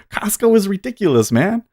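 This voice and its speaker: A man's voice: sits high, darkish tone, no room sound, studio quality. A man hosting a day trading livestream, thinking aloud in a rambling, casual way and laughing often.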